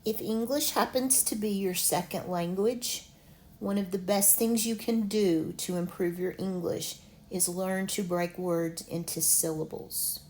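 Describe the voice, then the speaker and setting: A woman teaching an online lesson, slowly sounding out medical words syllable by syllable. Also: on the low side, darkish tone, slight background noise. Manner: slow, deliberate, sounds out syllables.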